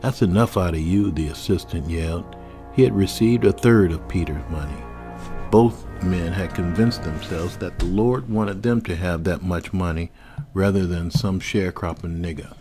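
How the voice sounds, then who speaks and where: A man narrating a historical novel in a measured, grave storytelling manner. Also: low-pitched, music in the background. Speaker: author and narrator. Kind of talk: scripted audiobook narration.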